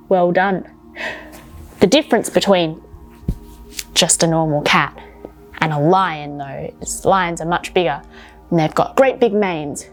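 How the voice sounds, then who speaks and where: A woman coaching children through yoga poses while telling a story, encouraging and instructive. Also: on the low side.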